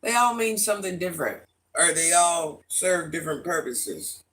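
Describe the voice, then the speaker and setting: A middle-aged man hosts a casual livestream with a slightly high voice. He greets viewers by name, answers the chat and talks freely in an animated, chatty way. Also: moderate pace. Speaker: livestream host.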